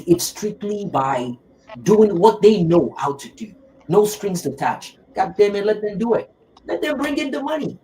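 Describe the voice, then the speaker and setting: Emphatic, animated man on a podcast. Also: on the high side, slight background noise, low-quality recording. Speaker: podcast host. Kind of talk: casual podcast conversation.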